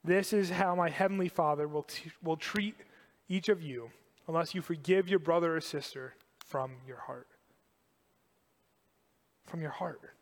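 A man preaching a sermon to a congregation, animated and emphatic, repeating key phrases. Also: fairly high pitch, moderate pace, long reverb tail. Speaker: pastor.

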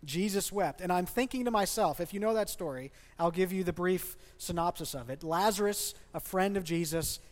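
A man preaching a sermon as a pastor in a church, speaking conversationally and asking the congregation questions. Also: high-pitched. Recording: long reverb of a large hall.

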